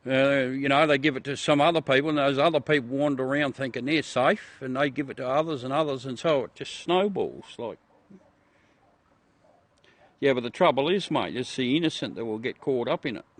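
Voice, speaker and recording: A livestream host from South Australia with an Australian accent runs a casual chat with viewers, blunt and profane, calling everyone mate. His male voice is mid-range and fairly quick.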